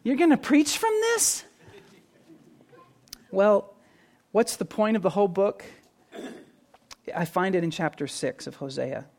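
Lively, earnest man preaching a sermon. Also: high-pitched. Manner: earnest, animated preaching that swings from soft to emphatic. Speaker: pastor.

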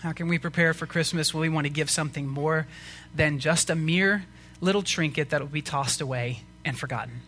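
Male pastor, earnest emphatic sermon delivery, bright tense tone, faint hum behind. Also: a little high, brisk, few pauses. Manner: earnest, rising to emphatic preaching with rhetorical questions.

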